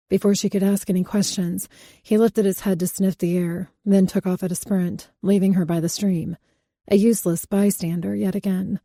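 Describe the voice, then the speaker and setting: Brief: woman audiobook narrator, steady read, low and mellow, dry studio sound. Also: no room sound.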